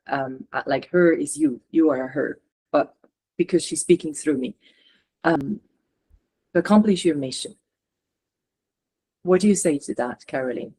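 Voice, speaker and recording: A woman channeler and coach guiding a spiritual session over a video call, talking in halting, searching phrases. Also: sits low, darkish tone. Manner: halting, searching, relays messages.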